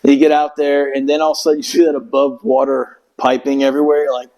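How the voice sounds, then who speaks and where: A man's voice: medium pitch, flat delivery, quick pace, hardly any pauses, mellow, low-quality recording. A middle-aged man telling a rambling, profane story in casual chat, acting out quotes in raised voices. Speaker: Marine veteran guest.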